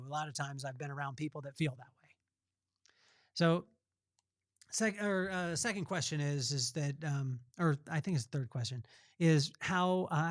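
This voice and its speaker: Recorded with clean studio sound and no echo, a male podcast host whose voice is on the high side delivers a faith-based motivational talk. He keeps it conversational and repeats phrases to drive points home.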